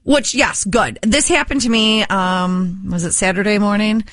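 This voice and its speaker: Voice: mid-range voice, a little slow, a bit bright, no echo. A morning radio co-host tells a story in casual banter, giggling as they go.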